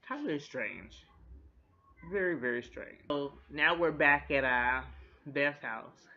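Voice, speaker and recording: A lively man recaps a TV episode in a loose, chatty way and drops the odd swear word. His voice sits a bit high and sounds bright and forceful. The recording is dull and lo-fi. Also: slow. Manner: animated, chatty, swears, laughs at jokes. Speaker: TV recap host.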